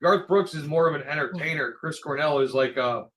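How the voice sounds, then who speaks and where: Hesitant man, slightly high voice. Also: a little fast, a bit bright. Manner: hesitant, fills with "like". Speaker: podcast guest. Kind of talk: casual chat.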